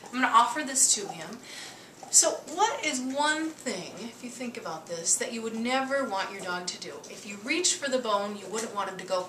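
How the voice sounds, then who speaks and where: A chatty woman dog trainer talks through a casual demonstration with a bright, forceful voice. She is a little high and sits well back from the mic. Her voice rings around an echoey kitchen with faint noise behind. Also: animated, fairly quick. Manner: chatty and upbeat, with frequent asides. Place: home kitchen. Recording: echoey room, distant mic.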